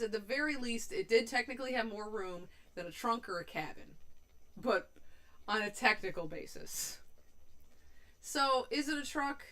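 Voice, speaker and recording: A young woman with a sharp-toned, mid-range voice hosts a casual cooking livestream. She chats and rambles loosely with her viewers, swearing casually.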